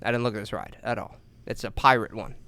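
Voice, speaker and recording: Young guy podcasting, bright punchy voice, cussing, acting out his story, dry close sound. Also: on the low side, fast, creaky, no echo. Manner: animated, profane storyteller, acts out voices and shouts. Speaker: podcast co-host. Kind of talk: casual storytelling chat.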